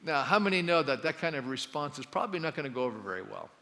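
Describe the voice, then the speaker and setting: A male pastor preaching a sermon in a relaxed, conversational way, often putting questions to the congregation. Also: mid-range voice, fast talker, vocal fry. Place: church sanctuary. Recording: long church hall reverb.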